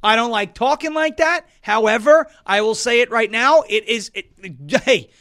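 A man from Long Island, New York, hosting a political talk show with wisecracking, sarcastic commentary and bursts of loud emphasis. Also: very high-pitched, normal speed. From Suffolk County, New York, US.

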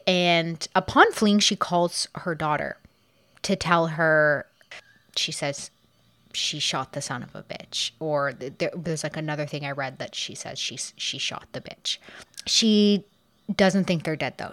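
A woman's voice: sits low, fairly bright tone. A woman hosting a true crime podcast, retelling a case in a casual, conversational way, asking herself questions and answering them. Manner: conversational, rhetorical questions and answers, frequent restarts.

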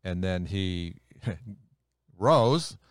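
A man's voice: deep voice, animated, drawn-out words, clean tone, no echo, clean studio sound. A man who is a pastor and co-host, talking in a folksy, joking way with lots of restarts in a casual podcast chat.

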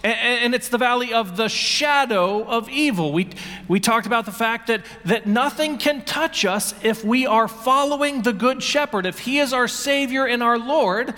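High-voiced pastor preaching in a reverberant hall. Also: male voice, moderate pace, pushed and bright. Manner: earnest, restarts words often, leads congregation in call and response. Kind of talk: sermon. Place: church sanctuary.

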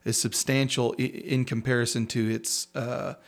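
A man, a pastor, telling a personal story in a casual interview, talking in halting bursts with many restarts and self-deprecating chuckles. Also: mid-range voice, flat delivery, creaky.

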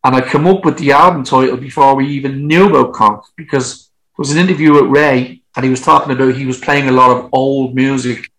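A man's voice: mid-range voice, fairly even intonation, fairly quick, fairly bright tone, poor audio. An Irish man in his fifties, a musician guest telling an anecdotal story in casual interview talk, swearing freely. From Ireland.

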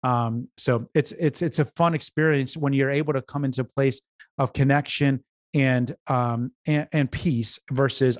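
A man's voice: medium pitch, fairly even intonation, moderate pace, dry recording, clean studio sound. A man who is a business consultant, a guest on an interview podcast, telling stories earnestly, repeating words and restarting as he goes. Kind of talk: conversational storytelling interview.

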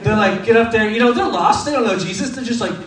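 High-voiced man telling funny stories. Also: fast, a bit bright. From Texas. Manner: humorous, self-deprecating, many fillers. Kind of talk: conversational sermon storytelling. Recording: echoey room, distant mic.

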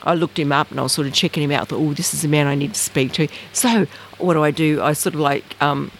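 Animated Australian storyteller. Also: fast, a little hiss or hum. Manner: animated, rambling, acts out dialogue with big pitch jumps. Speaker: interviewee, researcher. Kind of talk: casual storytelling.

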